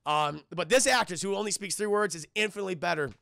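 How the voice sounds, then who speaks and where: Young guy ranting thru a movie recap for his stream chat, super gravelly voice, bright edge, dry close sound. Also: high-pitched, fast, no room sound. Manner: excitable, profane, acts out scenes. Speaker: film reviewer streaming to chat. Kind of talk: casual spoiler review chat.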